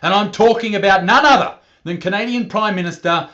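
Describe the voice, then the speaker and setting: A man's voice: high voice, brisk, muffled recording, noisy background. Exasperated man firing off questions. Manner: exasperated rhetorical questions, profane. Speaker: commentator.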